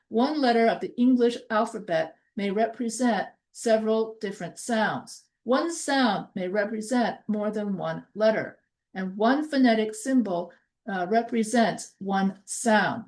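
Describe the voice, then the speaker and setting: A woman teaching accent reduction in a loose, chatty way, often trailing off into asides and filling pauses as she goes. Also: medium pitch, darkish tone. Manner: rambling, with many fillers and asides; slow, drawn-out word drills. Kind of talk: casual teaching talk.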